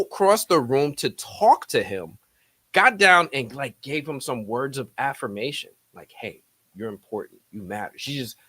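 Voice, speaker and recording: A man's voice: medium pitch, a bit bright. A man hosting a movie blog, talking casually and rambling. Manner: rambling, heartfelt, thankful. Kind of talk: casual video commentary.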